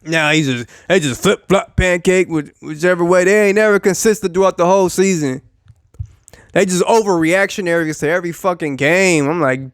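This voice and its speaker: High-voiced man ranting sarcastically. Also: normal speed, clean tone, dry recording, studio quality. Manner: animated, profane, repeats phrases. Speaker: YouTube sports commentator. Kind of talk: casual ranting commentary.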